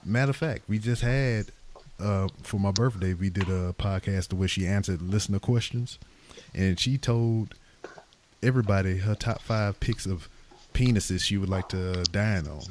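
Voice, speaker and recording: Man, very deep voice, casual podcast talk, profane, animated. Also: normal speed, slight background noise. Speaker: podcast host. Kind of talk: casual chat.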